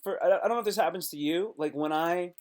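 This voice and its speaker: A man hosts a casual live stream from his computer, his voice sitting a little high for a man. He chats to his viewers and reads out their comments. He swings between quiet asides and sudden loud outbursts. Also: fast talker. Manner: animated, talks to himself and chat, sudden loud outbursts.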